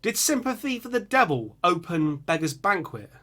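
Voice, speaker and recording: With a high-pitched voice at a moderate pace, a young music channel host chats casually and reads out the songs viewers have picked. He's animated, suddenly singing and screaming riffs.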